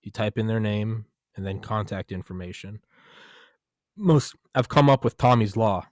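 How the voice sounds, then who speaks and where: A man's voice: fairly low pitch, normal speed, no room sound, clean studio sound. A young man hosting a podcast, telling a story casually with lots of swearing, and quoting himself and others. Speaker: podcast host. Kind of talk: casual conversation.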